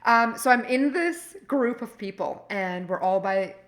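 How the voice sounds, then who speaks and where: A woman co-hosting a podcast, chatting casually and telling animated, rambling stories full of restarts. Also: a little high, unhurried. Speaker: podcast co-host. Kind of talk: casual chat.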